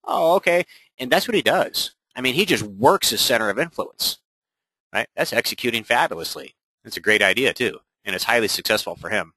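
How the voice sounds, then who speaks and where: Forceful low-voiced male webinar coach. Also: fairly quick, dry recording, rough recording. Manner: energetic, repeats "right?" often. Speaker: real estate coach. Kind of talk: webinar presentation.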